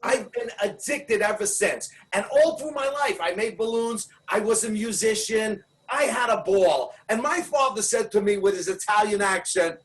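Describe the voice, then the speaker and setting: Older jokey man, high voice, far from the mic. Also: normal speed, few pauses. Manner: jokey, exuberant, loud bursts. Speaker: balloon artist guest. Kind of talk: comic casual chat.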